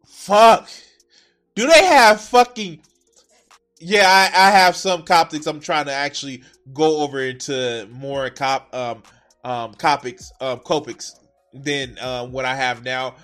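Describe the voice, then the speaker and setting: A man's voice: fairly high pitch, slow pace, a bit bright, faint music behind. A man streaming his reactions, swearing often and breaking into heated, mocking rants. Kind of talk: casual profane reaction commentary.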